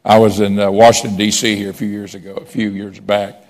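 A man's voice: fairly low pitch, level tone, brisk, darkish tone, long reverb tail. A man preaching a sermon from the pulpit in a conversational way, asking the congregation questions and telling stories. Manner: conversational preaching, asks congregation for raised hands. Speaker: pastor.

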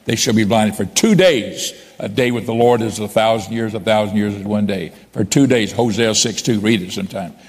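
A man's voice: lowish voice, normal speed, hardly any pauses, husky, big-room sound. A man preaching a sermon as a bishop, quoting scripture and raising his voice emphatically for key points.

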